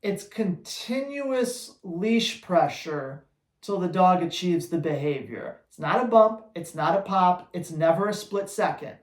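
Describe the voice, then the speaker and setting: A man's voice: high voice, lively intonation, measured pace, echoey room. Blunt, teasing male dog trainer. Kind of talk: answering viewer questions.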